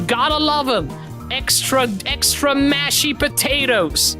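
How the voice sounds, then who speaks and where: Music sounds clearly in the background as this high-voiced woman streamer comments live on a party game. Her speech is slow and stretched out, her jokes loud, and she laughs often and curses without restraint.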